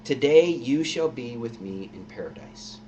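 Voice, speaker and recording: A man voicing a calm, merciful Christ, speaking quietly and solemnly from a distant mic with a faint hum. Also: medium pitch, a little slow, natural voice. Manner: gentle, solemn.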